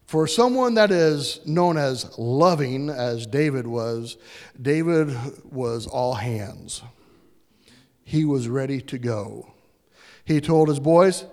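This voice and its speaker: A man's voice: mid-range voice, animated, slow pace, darkish tone. A man preaching a sermon, retelling a story in a casual, folksy way. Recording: long hall reverb.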